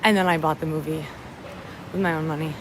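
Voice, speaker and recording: A young woman from upstate New York talks on a phone livestream while walking through a rainy city at night. She rambles and chats, and she reads out and thanks her viewers. The street noise is clear behind her voice. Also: sits low, steady tone, fairly quick. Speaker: livestream host. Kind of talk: casual livestream chat.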